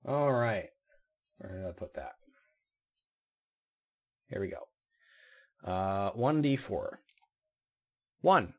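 A man casually chatting as a player in a tabletop game, hesitant and rambling with many pauses. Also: low-pitched, very animated, lo-fi sound. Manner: rambling, hesitant, full of ums.

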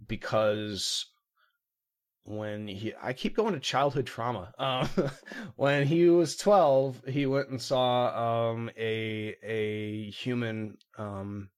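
A man casually chatting as a player in a tabletop game, hesitant and rambling with many pauses. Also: mid-range voice. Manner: rambling, hesitant, full of ums.

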